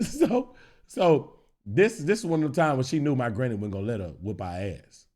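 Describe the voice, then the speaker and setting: Loud, profane man telling stories. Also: a little high, lively intonation, moderate pace. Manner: loud, profane, laughing, acts out characters. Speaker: streamer. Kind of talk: animated storytelling.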